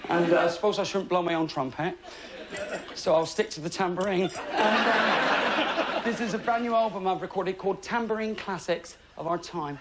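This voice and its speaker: A middle-aged man from England doing a stand-up comedy routine, chatty and self-mocking, with deadpan asides to the crowd. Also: sits high, moderate pace. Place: TV studio before a live audience. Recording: loud studio audience laughter and noise.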